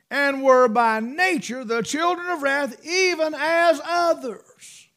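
A middle-aged man preaching a sermon, fervent, swinging between loud bursts and hushed asides. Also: extremely high pitch, slow, hardly any pauses.

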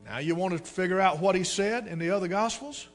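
A man preaching a sermon with fervor, his voice climbing into shouts. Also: high voice, brisk, faint music behind. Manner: fervent, rising to shouts.

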